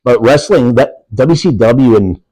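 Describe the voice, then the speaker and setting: A man's voice: mid-range voice, animated, unhurried, mellow, no room sound, low-quality recording. A middle-aged man with an Upper Peninsula Michigan accent, chatting casually as a guest, rambling and laughing easily. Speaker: wrestling guest. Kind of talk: casual podcast chat.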